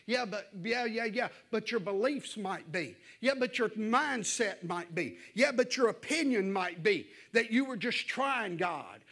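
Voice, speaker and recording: This male pastor's voice is high and fairly bright, animated yet measured in pace, with hardly any pauses. He is preaching an evening sermon to a church congregation in the church itself, moving from a folksy, conversational style into fervent exhortation.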